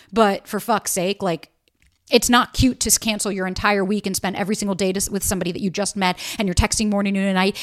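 Blunt, profane young woman podcaster. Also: mid-range voice. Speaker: podcast host. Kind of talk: casual solo podcast talk.

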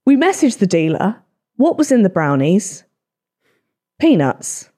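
A young woman, hosting a podcast and telling stories in casual chat, swearing freely. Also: medium pitch. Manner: swearing, quick animated storytelling. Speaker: podcast host.

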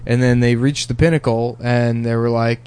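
A young adult man co-hosting a comedy podcast, riffing in crude deadpan banter. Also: medium pitch, moderate pace, smooth.

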